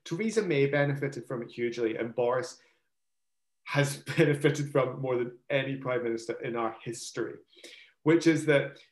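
A man's voice: mid-range voice, echoey room. A British man co-hosting a casual political chat, chatty and self-mocking. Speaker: podcast co-host.

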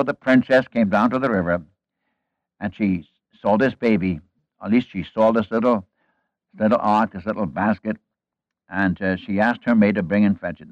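A man's voice: fairly low pitch, no echo, lo-fi sound. A man preaching a sermon, retelling a Bible story in an earnest, folksy way with rhetorical questions and asides to the congregation.

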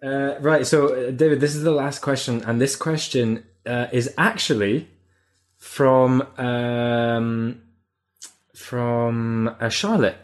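A man's voice: mid-range voice, steady tone, takes it slowly. A man hosting a casual podcast interview, often stumbling and repeating words as he starts a sentence. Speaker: podcast host.

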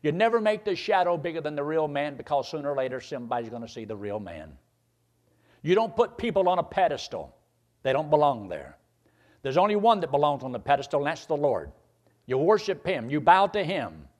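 An older man preaching a sermon, climbing to loud emphatic peaks and then dropping low and quiet. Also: big pitch swings, fairly quick.

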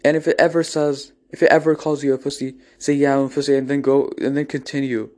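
A man's voice: medium pitch, level tone, brisk, darkish tone. A man giving an unscripted motivational monologue, earnest and blunt, often restarting and repeating phrases, with casual swearing. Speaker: motivational speaker.

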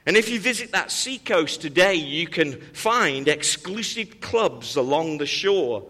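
A man preaching to a congregation, his voice bright and ringing, swinging widely up and down as he drives repeated phrases home. The long reverb of a church hall trails every line. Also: a little high, expressive, unhurried. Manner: emphatic, repetitive preaching cadence with rising calls. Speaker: pastor. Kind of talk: sermon.

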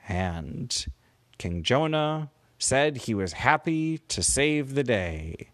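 Slow, unhurried man telling a bedtime story. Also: medium pitch, sing-song, dry recording. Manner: unhurried, with pauses and small self-corrections.

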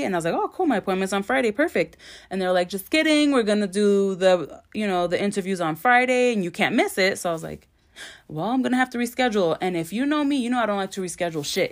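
A woman in her thirties hosting a casual solo podcast, chatty and rambling, laughing often and swearing casually. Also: fairly low pitch. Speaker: podcast host.

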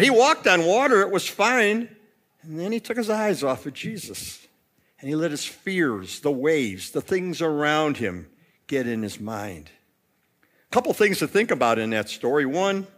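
A male pastor preaches a sermon with a somewhat high voice for a man. His delivery is expressive, swinging widely in pitch and loudness. He acts out the quotes in his stories.

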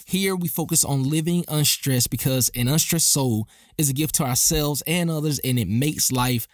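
A man's voice: fairly high pitch, normal speed, no room sound. A man hosting a faith-centered self-help podcast, talking in an upbeat, encouraging way and repeating key lines for emphasis. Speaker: podcast host. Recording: dry close studio sound with faint music.

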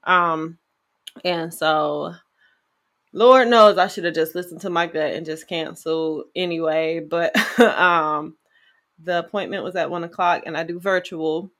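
A woman co-hosting a casual podcast, telling stories in an animated, slangy way and talking to her listeners. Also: on the low side, a little slow. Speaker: podcast co-host. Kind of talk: casual chat, storytelling.

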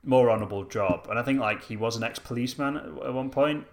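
A young man in relaxed chat about a film. He retells scenes at an easy pace and acts out the characters' quotes. His tone stays laid-back. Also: mid-range voice, quick pace.

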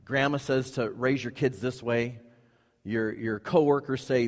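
A man's voice: fairly even intonation, normal speed. Man preaching a sermon in a reverberant church. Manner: emphatic preaching with repeated phrases and sudden rises in pitch and volume. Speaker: pastor. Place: church sanctuary. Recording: long hall reverb.

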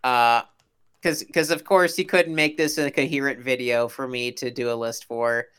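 A young man co-hosting a casual podcast, talking in a halting, self-interrupting way. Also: medium pitch, fairly even intonation, fairly bright tone, clean tone. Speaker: podcast co-host. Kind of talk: casual chat.

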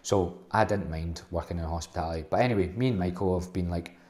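A man's voice: low-pitched, fast talker, a little mellow. A young man telling a rambling, blunt and sweary personal story as a casual vlog host.

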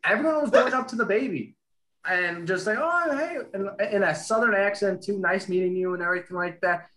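A man's voice: high-pitched, fairly quick, sharp tone, poor audio. A man from Kansas, a podcast co-host and sports reporter, telling a rambling story in casual chat with many fillers.

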